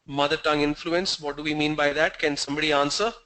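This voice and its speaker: Bright-voiced man teaching a video-call class. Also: fairly high pitch, steady tone, quick pace, rough recording. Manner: asks the class questions, teasing and joking. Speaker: online English trainer. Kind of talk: online class lecture. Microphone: video call mic.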